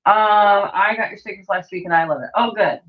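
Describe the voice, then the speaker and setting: A woman's voice: medium pitch, fairly quick, phone-quality sound, a little hiss or hum. A woman hosting a sewing livestream, chatting casually and reading viewer comments aloud as she works.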